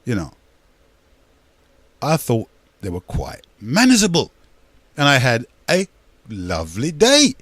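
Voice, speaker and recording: A man's voice: medium pitch, wildly swooping pitch, takes it slowly, pauses often, fairly bright tone, no room sound. An older man, hosting a radio talk show in a rambling, emphatic monologue that repeats words and addresses listeners as brethren.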